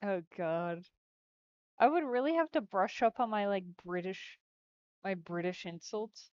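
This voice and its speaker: Slow, giggly woman developer chatting. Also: mid-range voice, animated, darkish tone, clear, resonant tone, dry recording. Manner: giggly, rambling. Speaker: game developer. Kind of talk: casual chat while working on a livestream. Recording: dull lo-fi stream audio.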